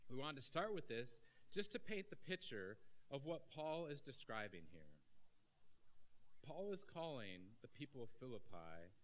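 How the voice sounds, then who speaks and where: A man's voice: medium pitch, animated, moderate pace, a bit bright, low-quality recording. A man preaching a sermon as pastor, talking directly and conversationally to his congregation.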